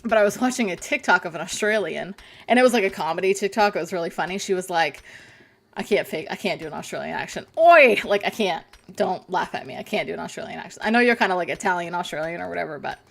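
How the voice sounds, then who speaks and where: A woman's voice: on the low side, fast, gravelly, a bit bright. A young woman chatting on a live game stream, rambling, laughing and swearing casually. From North America.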